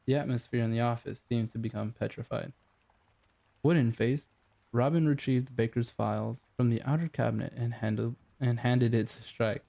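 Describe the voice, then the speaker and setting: A male narrator reading a novel aloud in a measured, steady way. His voice is dark and mellow, with a noticeable gravelly fry running through it. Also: medium pitch. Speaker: audiobook narrator. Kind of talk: scripted narration.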